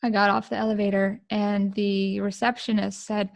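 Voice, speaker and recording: A middle-aged woman from the United States, a podcast guest telling a personal story in an emotional, halting way with many fillers. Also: mid-range voice, little pitch movement, gravelly, dry recording.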